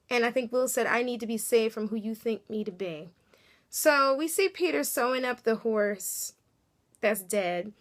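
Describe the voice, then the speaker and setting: A woman's voice: fairly high pitch, fairly bright tone. A woman casually recapping a TV episode, chatty and full of fillers, acting out little reactions as she goes. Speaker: TV episode reviewer.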